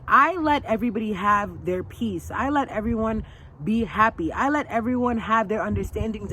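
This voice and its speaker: A woman's voice: on the high side, fairly bright tone, slight background noise. Emphatic woman vlogger giving life advice. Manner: emphatic, repetitive, preachy. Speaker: lifestyle vlogger. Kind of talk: casual motivational talk to camera.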